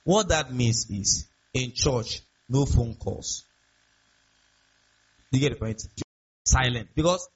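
A man's voice: fairly high pitch, slight background noise. A man preaching a sermon as pastor, emphatic and repetitive, often asking the congregation rhetorical questions. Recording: dull lo-fi sound.

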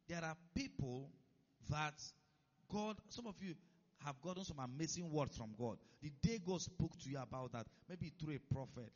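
A man's voice: fairly high pitch, lively intonation, moderate pace, a little mellow. Man preaching a sermon. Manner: keeps checking if listeners follow. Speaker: pastor. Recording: dull lo-fi recording.

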